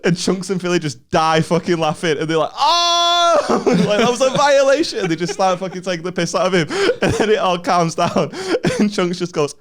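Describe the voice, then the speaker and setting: A man's voice: sits high, fairly even intonation, brisk, few pauses. A young northern English man co-hosting a podcast, telling stories in casual chat, laughing often and swearing freely. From northern England. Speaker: podcast co-host.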